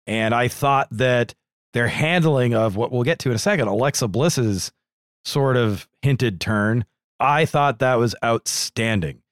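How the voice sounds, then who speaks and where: A man's voice: medium pitch, unhurried, dry recording, clean studio sound. A man co-hosting a wrestling podcast in casual, jokey, digressive chat. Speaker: podcast co-host.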